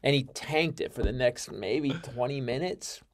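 A male American comedian guest tells animated stories in a casual interview at a measured pace. Excitable and profane, he acts out quoted lines with big jumps in pitch and loudness.

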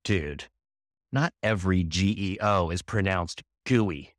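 A man's voice: deep voice, slow, no echo, clean studio sound. A man co-hosting a math podcast, doing scripted comedy banter with a wry, teasing manner. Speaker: podcast co-host.

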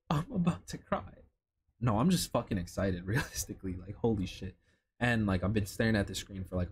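A young man from Chicago gives an excitable, slang-heavy running commentary, cursing freely as he reacts to new clothes and accessories. His voice sits at an ordinary middle pitch, with a faint room ambience behind him. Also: slight background noise. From Chicago, United States. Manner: excitable, slangy, swears casually. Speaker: streetwear vlogger. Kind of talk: casual commentary while browsing a lookbook.

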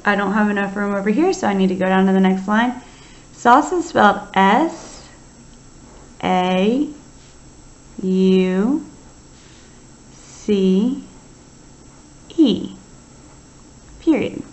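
A woman teaching young children to write, slowly sounding out letters and words one at a time in a patient, encouraging way. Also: mid-range voice. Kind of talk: early-grade writing lesson. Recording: slightly dull, lo-fi sound.

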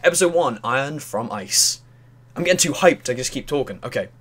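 A man's voice: medium pitch, fairly quick, husky. Young guy hyped up narrating his gameplay, swears a bit, voice jumps all over. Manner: excitable, chatty, swears, hums along. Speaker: gaming video host. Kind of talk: let's play commentary.

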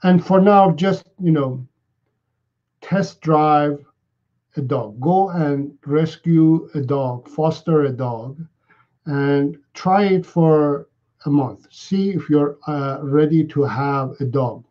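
A man's voice: on the high side, takes it slowly, highs cut off. A man hosting a live dog-training Q&A, explaining patiently, repeating phrases and checking in with "right?".

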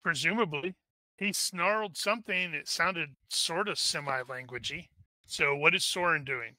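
Male game master, bright crisp voice, dry close mic, halting delivery. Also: a little high, dry recording. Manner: halting, many restarts and fillers. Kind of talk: narrating a tabletop game.

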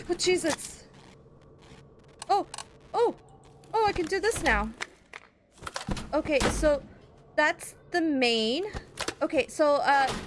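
Against a noisy background, a young woman with a high voice plays through a horror fan game for her YouTube channel. She chats to herself and her viewers as she goes, gasping a lot and easily startled.

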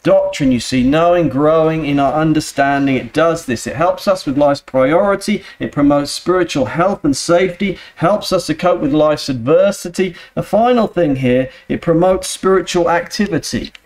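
A man preaching a sermon in a church, earnest and steady, often turning to the congregation with rhetorical questions. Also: on the high side, normal speed, hardly any pauses. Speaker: pastor.

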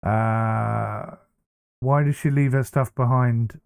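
A man's voice: medium pitch, fairly even intonation, slow pace, creaky, smooth, no echo, studio quality. A man hosting a reaction commentary, talking bluntly and casually with many fillers and restarts. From United Kingdom. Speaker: commentary host.

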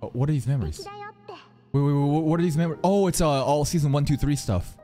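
A man hosting an anime reaction channel, talking casually and excitably, with loud outbursts, laughter and casual swearing. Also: a little high, fast. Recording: music playing in the background. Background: music under the voice.

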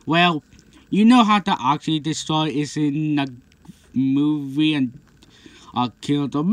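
A man's voice: on the high side, a little slow. A man chatting casually and rambling between scenes of a monster play. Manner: rambling, with restarts. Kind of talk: casual chat.

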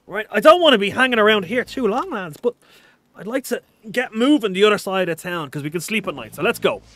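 A high-voiced Irish man chatting through a live game stream, reading viewer comments aloud. His tone is bright and forceful, and he rambles with quick restarts. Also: lively intonation, no room sound.

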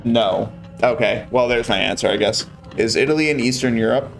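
A man's voice: mid-range voice, normal speed, gravelly, soft background music. A young man casually commenting on gameplay on a live stream, wry and a bit exasperated.

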